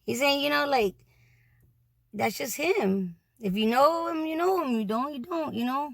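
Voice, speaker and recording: Gravelly, blunt-talking woman. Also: high-pitched, a little slow, fairly bright tone, no room sound. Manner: loose and blunt, swears freely, heavy on "you know". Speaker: messenger relaying words from a departed man. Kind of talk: casual spoken monologue.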